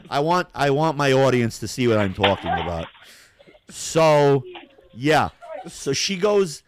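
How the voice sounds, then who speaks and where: Lively, profane man telling a story. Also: medium pitch, unhurried, a little hiss or hum. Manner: animated, profane, laughing storyteller. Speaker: podcast host. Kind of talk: casual storytelling chat.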